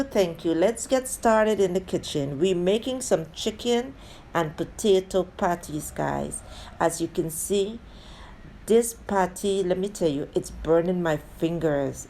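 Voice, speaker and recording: Chatty woman host with a low, mellow voice. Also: slight background noise. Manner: chatty, addresses viewers as guys; talks through each step with friendly asides. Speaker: cooking channel host. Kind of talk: casual cooking tutorial.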